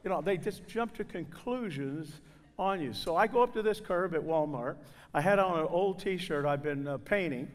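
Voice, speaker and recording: An older man speaks to a gathering, spinning folksy, funny stories and acting out every character. His voice sits fairly high for a man. A long reverb trails each word, as in a large hall. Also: normal speed. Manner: folksy, animated, acts out voices. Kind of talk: humorous storytelling talk.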